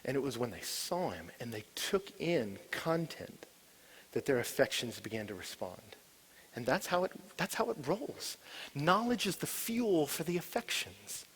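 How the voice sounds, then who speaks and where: A man preaching a sermon, animated and storytelling, who swings from loud excited bursts to hushed, intense low passages. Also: unhurried, slightly rough.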